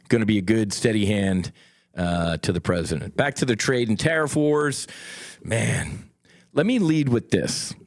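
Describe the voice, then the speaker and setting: A middle-aged man hosts his own podcast from a studio, holding forth in a blunt, combative way and swearing freely. His pitch leaps up and drops low as he mocks and argues. The sound is dry and close. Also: no room sound. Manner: blunt, combative, profane, folksy asides to listeners. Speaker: podcast host, former Navy fighter pilot. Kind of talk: solo podcast commentary.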